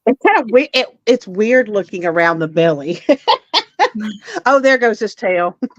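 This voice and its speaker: A woman's voice: mid-range voice, expressive, normal speed, dry recording, dull audio. A woman co-hosting a live crochet chat, playful and laughing as she coaxes her dog.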